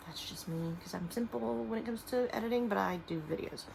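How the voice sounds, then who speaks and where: A middle-aged woman talks casually to the camera about her handmade products, often pausing and trailing off with fillers. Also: fairly high pitch, vocal fry, a little hiss or hum, rough recording. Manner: halting, many fillers and trailing restarts; soft-spoken and emotional at times. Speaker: small business owner and artist. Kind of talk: casual vlog talking to camera while showing products.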